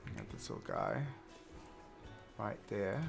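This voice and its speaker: A man's voice: fairly low pitch, wildly swooping pitch, measured pace, gravelly, over music. A man casually talking through a theme park building game on a livestream, rambling to himself and to the objects he places. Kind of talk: casual gameplay commentary.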